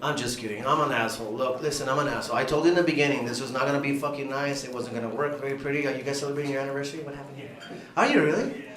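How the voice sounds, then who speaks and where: A man's voice: mid-range voice, racing. A man doing brash, profane stand-up comedy, teasing the audience in a large comedy club. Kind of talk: stand-up comedy with crowd work. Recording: echoey club with loud crowd laughter.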